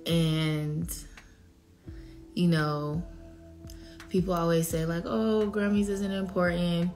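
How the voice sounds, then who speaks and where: Young woman in a selfie vlog, teary and overwhelmed, slow-talking and low-pitched, swings between hushed whispers and shouts. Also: flat delivery, soft background music. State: teary after crying. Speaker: singer.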